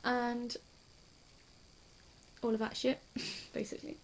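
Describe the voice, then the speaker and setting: A young woman with a slightly high voice talks in a loose, rambling way. She giggles often and gushes, sounding hyper as she hops from one point to the next in a casual reaction vlog. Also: flat delivery, gravelly, slight background noise. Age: young adult. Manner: hyper, giggly and quick to gush. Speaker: TV reaction vlogger.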